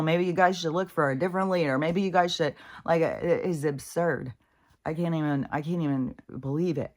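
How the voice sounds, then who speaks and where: Woman, deep for her sex, casual exasperated vlog rant with swearing and halting restarts. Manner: exasperated, swearing, mocking others in high put-on voices; halting restarts and repeated fillers. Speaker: spiritual vlogger.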